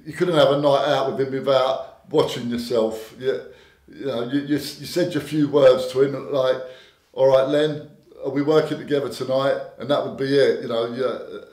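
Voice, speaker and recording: A man's voice: medium pitch, darkish tone. An older man, a former doorman telling stories as a podcast guest, stumbling over repeated words and acting out quoted dialogue. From Britain. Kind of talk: casual storytelling interview. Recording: echoey room.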